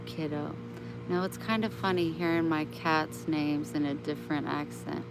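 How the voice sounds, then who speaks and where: A woman's voice: low-pitched, fairly even intonation, normal speed, gravelly, over music, low-quality recording. A woman chatting on a casual live stream, talking kindly and motherly to her viewers and her pets.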